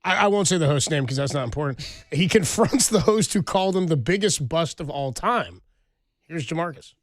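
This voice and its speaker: A man's voice: fairly high pitch, animated, brisk, no echo, studio quality. A man hosting sports talk radio, casually reading listener texts and laughing along. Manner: laid-back, says "dude" a lot, laughs often.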